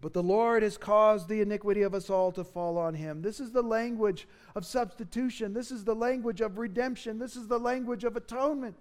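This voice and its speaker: High-voiced man preaching a sermon. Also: a little fast, hardly any pauses. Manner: earnest, emphatic preaching with dramatic rises. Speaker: pastor.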